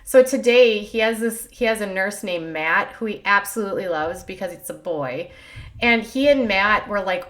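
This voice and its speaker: Brief: woman host, mid-pitch voice, chatty livestream commentary, quick and loose. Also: a bit bright. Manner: chatty, fast, heavy use of filler words.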